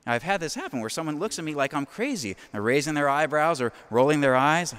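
A man, a priest, giving a homily in an earnest, animated way, with quick asides. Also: fairly high pitch, clear, resonant tone, big-room sound.

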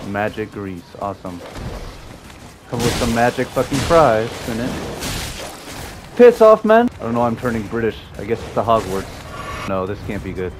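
A young man commenting casually on his gameplay, cursing and joking in quick outbursts over game music. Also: medium pitch. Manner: profane, jokey, quick outbursts. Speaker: gaming YouTuber.

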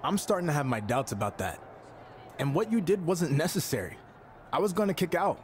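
A wary wrestling champion. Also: male voice, on the high side, sing-song, fairly quick, background noise. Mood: suspicious. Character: suspicious male wrestling champion. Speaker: game character.

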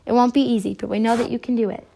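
A woman voicing a gentle, coaxing bear in a storybook reading. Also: on the high side, steady tone, rapid-fire, vocal fry.

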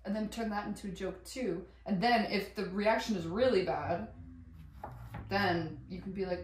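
Rambling excitable woman in an echoey kitchen. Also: mid-range voice, normal speed, a little hiss or hum. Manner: rambling, excitable, profane, laughs often. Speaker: vlogger. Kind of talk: casual cooking vlog chat. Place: home kitchen. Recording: echoey room, voice a bit far from mic.

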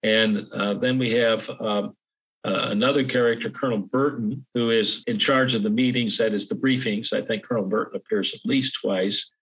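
An older man, an author guest, talking in a relaxed interview with frequent pauses and a self-deprecating humor. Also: on the low side, husky, rough recording. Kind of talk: casual interview chat.

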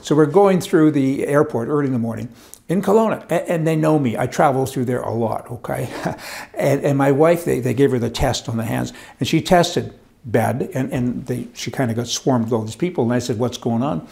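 A man's voice: mid-range voice, moderate pace, vocal fry, dark tone. An older man, a commentary host, talking in a rambling, folksy monologue with chuckling asides.

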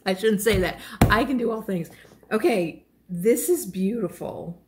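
A woman's voice: mid-range voice, lively intonation, measured pace. A woman vlogger chatting casually while unboxing a crochet kit, gushing and self-deprecating, rambling with fillers and small laughs.

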